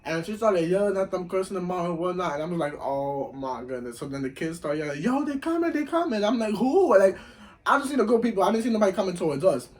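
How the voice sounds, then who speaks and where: A man casually telling a lively story while eating, acting out the voices of the people in it. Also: high-pitched, quick pace, hardly any pauses. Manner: animated, acts out voices in quotes. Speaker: vlogger.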